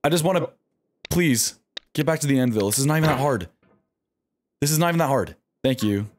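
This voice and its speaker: A man's voice: medium pitch, a little fast. A man streaming live, commenting as he plays, talking to himself, swearing often, and coaxing himself through each attempt. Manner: animated self-talk, frequent swearing.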